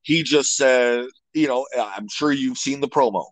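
A man of middle pitch talks wrestling in an opinionated, rambling way, stopping to restart his sentences. He is close to the mic and the sound is very dry. It comes across as an unscripted podcast chat. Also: measured pace, dry recording, rough recording. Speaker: guest wrestling commentator. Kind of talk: casual podcast interview.

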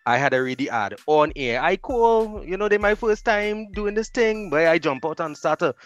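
A man with a Trinidadian accent, a radio host chatting as a podcast guest, telling animated stories. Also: a little high, moderate pace, hardly any pauses, highs cut off, soft background music. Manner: animated storyteller, laughs easily. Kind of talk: casual chat.

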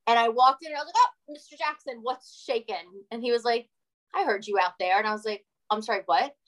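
Animated woman telling stories. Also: fairly high pitch, fast, low-quality recording. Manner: animated, swears freely. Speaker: guest, former reality TV cast member. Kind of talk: casual podcast chat, storytelling.

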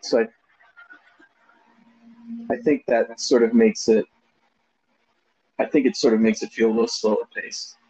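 A man's voice: fairly low pitch, fairly even intonation, measured pace, pauses often, dark tone, slightly rough. A man co-hosting a casual movie discussion podcast, laughing often and animatedly quoting lines from the film. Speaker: podcast co-host. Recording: dull lo-fi sound.

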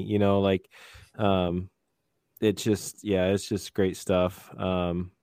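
Smooth, low-voiced man, dry sound. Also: little pitch movement, takes it slowly, darkish tone, no echo. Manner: hesitant, easygoing. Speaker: podcast co-host. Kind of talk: casual podcast chat.

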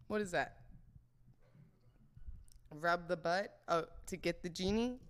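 A woman's voice: on the low side, a bit bright, clean tone. A young adult woman hosting a podcast in casual chat, crude and rambling, slipping into mocking voices when she quotes people. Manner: mocking put-on voices when quoting others. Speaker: podcast host.

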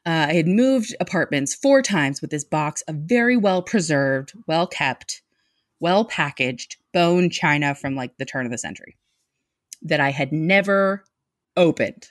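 A woman tells a comic personal story to a live audience, mocking herself as she goes. Her voice sits a little low but swings widely in pitch, lively from phrase to phrase. The sound is close and dry, with no room around it. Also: a little slow, no echo. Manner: animated, self-mocking, laughs mid-sentence.

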